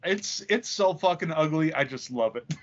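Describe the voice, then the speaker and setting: Lively-voiced man joking on a podcast. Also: a little high, moderate pace, slight background noise. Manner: joking, swearing, telling anecdotes. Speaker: podcast co-host. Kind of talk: casual profane banter. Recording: dull lo-fi recording.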